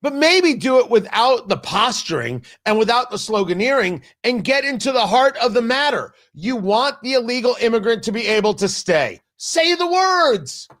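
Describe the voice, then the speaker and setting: Apresentador americano enfático e combativo. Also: male voice, very high-pitched, lively intonation, normal speed, few pauses, a bit bright. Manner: emphatic, combative, repeating lines for stress. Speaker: talk show host. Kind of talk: opinion talk monologue.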